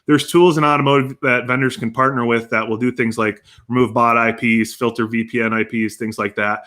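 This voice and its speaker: Male guest, bright tone, fluent explainer. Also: medium pitch, little pitch movement, fairly quick. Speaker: marketing guest. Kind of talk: explanatory interview talk.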